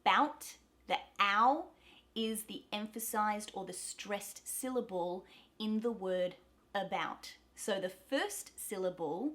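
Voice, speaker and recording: A young woman with an Australian accent giving a pronunciation lesson to camera, cheerful and clearly enunciated. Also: mid-range voice, slow pace, a bit bright. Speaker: pronunciation teacher.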